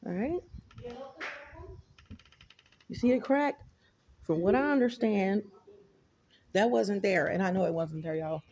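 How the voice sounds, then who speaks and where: A woman with a Texan accent rambling excitedly to her viewers in a casual phone vlog, often calling them y'all. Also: medium pitch, measured pace, long pauses, dull audio. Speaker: vlogger. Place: apartment and stairwell, indoors. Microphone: phone camera held close.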